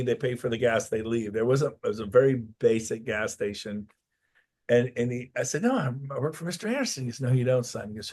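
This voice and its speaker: A man's voice: mid-range voice, darkish tone. A middle-aged man, a real estate coach, telling a personal story in a casual interview and acting out the voices of the people in it.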